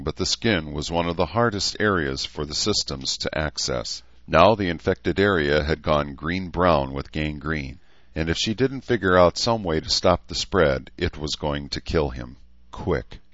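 A man narrating a novel in a measured, even storytelling manner. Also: very deep voice, dry recording, dull audio. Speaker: audiobook narrator. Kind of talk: scripted narration.

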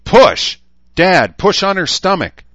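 An urgent, encouraging young woman guiding a birth, as a male narrator puts her on. Her voice sits high above the reader's own and pushes loud on the commands. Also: big pitch swings, unhurried, no room sound, muffled recording.

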